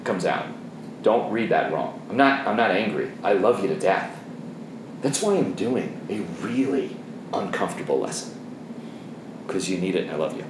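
A middle-aged man leading a men's Bible study in an intense, zealous way, shifting between soft asides and forceful readings. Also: sits low, expressive, normal speed, long pauses. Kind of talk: teaching a Bible study to a group of men. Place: roomy room with a seated group. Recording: roomy echo, faint background noise.

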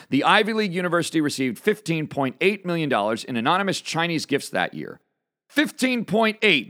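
A man hosting a political commentary show, reading a news story aloud and giving his opinion in an emphatic, indignant way. He says he is fired up and talking fast. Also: mid-range voice, fairly bright tone. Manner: emphatic and indignant, punching single words.

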